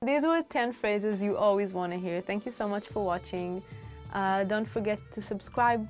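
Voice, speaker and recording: A woman presenting a language lesson, drilling phrases briskly and giving their translations. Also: mid-range voice, soft background music.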